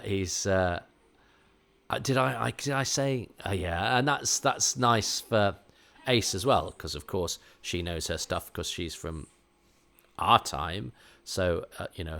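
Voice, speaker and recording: Lowish-voiced English man with an RP accent. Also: gravelly, a bit bright. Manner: chatty, digressive, self-mocking. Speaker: podcast host. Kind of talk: watch-along commentary.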